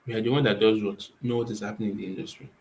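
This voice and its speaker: A man's voice: lowish voice, steady tone, rapid-fire, low-quality recording. A man with a Nigerian accent giving advice as a real estate company owner, emphatic and repetitive, asking rhetorical questions and answering them himself. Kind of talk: spoken advice talk.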